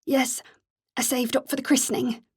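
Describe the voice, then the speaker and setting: A woman's voice: sits high, little pitch movement, moderate pace, slightly rough, pitched above the performer's own voice, full character voice. A woman reading the lines of a frightened eighteen-year-old young woman who answers carefully with a slight tremble. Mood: nervous.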